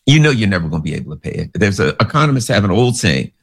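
Male commentator, lowish voice, very animated pitch, rambling sarcastic storyteller. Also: very fast, breathy edge. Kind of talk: casual political commentary monologue.

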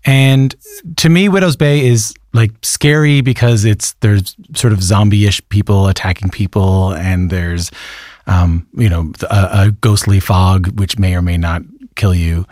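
A man's voice: lowish voice, unhurried, darkish tone, no room sound, clean studio sound. A man hosting an interview, asking long questions full of restarts and repeated words. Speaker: podcast interviewer.

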